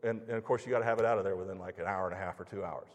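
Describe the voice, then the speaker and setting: A man's voice: low voice, fairly even intonation, rapid-fire. A man preaching through a personal anecdote in a conversational way, acting out the lines of the people in it. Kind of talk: storytelling sermon. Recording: long reverb of a large hall.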